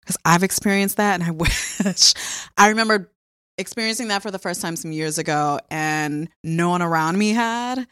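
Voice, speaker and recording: A woman hosts an interview, asking reflective questions and often affirming what her guest says. Her voice sits a little low for a woman. It is recorded dry and close, with no room sound. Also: normal speed, a bit bright, clear, resonant tone, no echo. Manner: supportive, frequent affirmations. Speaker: interview host. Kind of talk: conversational interview.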